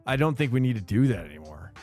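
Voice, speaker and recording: A loose, chatty man streaming his sim racing and talking to chat. His pitch jumps around a lot as he rambles. Faint music plays behind him. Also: sing-song, quick pace, a little mellow. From United States. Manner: loose and chatty, says dude and bro a lot. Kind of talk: casual live-stream chat.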